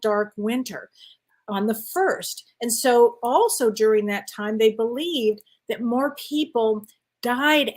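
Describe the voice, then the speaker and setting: A middle-aged woman co-hosting a casual live online show, chatty and quick to laugh. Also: a little high. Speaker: co-host. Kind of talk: casual live-stream chat.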